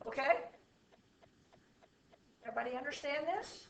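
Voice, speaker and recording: A woman teaching math to a class, explaining slowly and checking often that students follow. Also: high voice, gravelly, noisy background. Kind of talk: classroom lecture. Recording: echoey room from far off.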